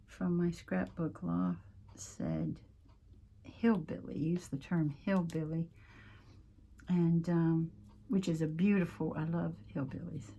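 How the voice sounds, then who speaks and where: A woman with a Southern American accent chats unhurriedly while she crafts at a desk. Her voice sits low and sounds somewhat husky, and she often clears her throat. She talks in a homey, rambling way and drifts easily from one subject to the next. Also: warm tone. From Southern United States. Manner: chatty, homey, drifts off topic mid-craft. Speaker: crafting channel host. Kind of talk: casual craft-along chat.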